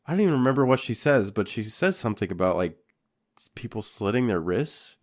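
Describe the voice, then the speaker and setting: A man's voice: fairly low pitch, big pitch swings, brisk. A man co-hosting a podcast, recapping a movie in loose, profane casual chat and laughing often. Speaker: podcast co-host.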